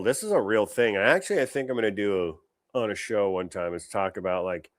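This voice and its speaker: A man's voice: lowish voice, brisk, dry recording, clean studio sound. A man hosting a political commentary livestream, brash and mocking, swearing freely. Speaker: show host.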